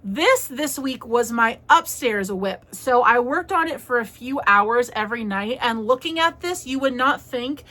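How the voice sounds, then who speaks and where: Bright, chatty young woman vlogger. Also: a little high, lively intonation, unhurried, few pauses. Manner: chatty and rambling. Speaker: crochet vlogger. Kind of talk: casual chat.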